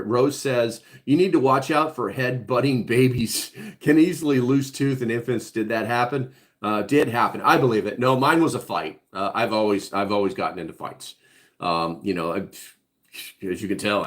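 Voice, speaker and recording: A man's voice: lowish voice, normal speed. A middle-aged man hosting a casual livestream, reading chat comments aloud and answering bluntly, with many fillers and restarts. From Hawaii.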